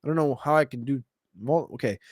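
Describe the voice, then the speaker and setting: A man hosting a casual livestream Q&A, answering viewer questions in a quick, chatty way with sudden jumps in pitch. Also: no echo, clean studio sound. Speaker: fantasy football show host.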